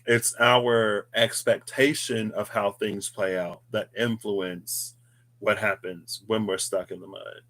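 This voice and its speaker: Male tarot host, lowish voice, casual reflective monologue with wandering tangents. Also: fairly even intonation, slow pace, a bit bright. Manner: rambling, musing, chatty asides. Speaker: tarot reader, channel host.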